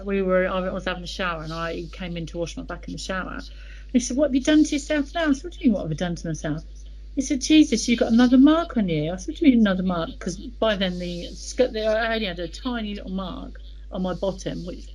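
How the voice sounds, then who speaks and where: A woman's voice: medium pitch, slight background noise, poor audio. A woman telling a personal story as an interview guest, retelling conversations with frequent "I said, he said". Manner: lively retelling, quotes dialogue with many "I said, he said".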